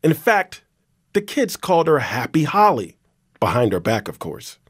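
A man reading a children's story aloud in a playful, expressive way. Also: a little high, normal speed, husky, no room sound, clean studio sound. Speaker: story reader.

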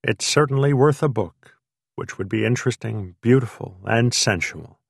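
A male narrator voicing a worldly, educated American man who speaks in a measured, articulate and romantic way. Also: medium pitch, lively intonation, vocal fry, husky, dry recording, clean studio sound. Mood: earnest.

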